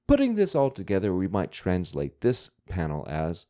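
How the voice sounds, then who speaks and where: A man's voice: deep voice, wildly swooping pitch, normal speed, hardly any pauses, dark tone. A man teaching language, patiently breaking down words and grammar in a methodical way. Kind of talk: explaining vocabulary.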